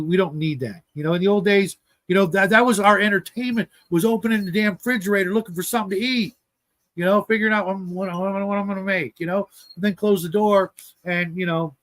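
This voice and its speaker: A man's voice: sits high, a bit bright. A man co-hosting a casual livestream chat, ranting in an exasperated way with lots of fillers. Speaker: podcast co-host.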